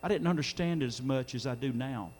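A man's voice: mid-range voice, brisk, a little mellow, slight background noise. A middle-aged man preaching a sermon in a church, earnest, his voice swelling when he quotes scripture. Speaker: pastor. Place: church sanctuary during a live-streamed service.

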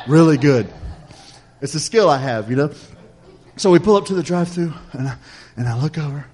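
A man's voice: fairly high pitch, darkish tone. A man preaching a sermon, telling a story in a folksy, chatty way and speaking straight to the congregation.

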